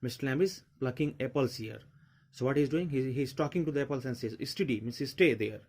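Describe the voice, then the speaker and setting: Fast-talking Indian male teacher. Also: medium pitch, a little mellow. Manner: explains each line, mixes in Hindi asides. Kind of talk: line-by-line literature lesson.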